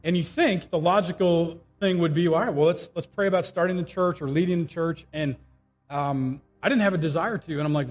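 A man's voice: fairly high pitch, a little fast. A middle-aged man preaching an informal sermon full of personal stories and jokey asides, live in a church. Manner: chatty, animated, jokey asides. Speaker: guest pastor. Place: church sanctuary. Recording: live church audio with long reverb, faint music.

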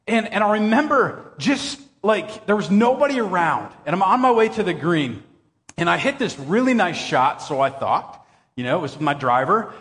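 A middle-aged male pastor delivering a sermon with a high-pitched voice. He talks conversationally, tells jokey stories and breaks into loud bursts of shouting. His voice rings with the long reverb of a church hall.

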